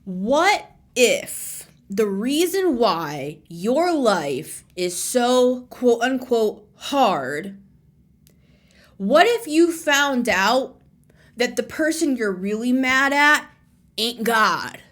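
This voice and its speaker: Woman doing a tarot reading, slow and kinda high voice, laughs a lot, goes quiet sometimes. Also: sing-song. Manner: musing, laughs often, swings from loud to near-whisper. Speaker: tarot reader. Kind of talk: casual spiritual monologue.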